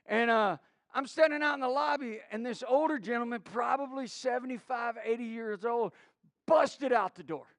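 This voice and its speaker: A man's voice: very high voice, moderate pace, a bit bright, no room sound, studio quality. A middle-aged man preaching a sermon, telling stories with many restarts and acted-out quotes. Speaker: pastor.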